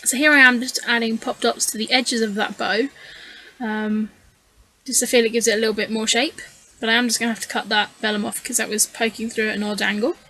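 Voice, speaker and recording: In a low-quality voice-over, a scrapbooking channel host describes her process while tired and yawning. She rambles, hesitates and uses frequent fillers. Her high-ish, sharp voice is flat and a little fast.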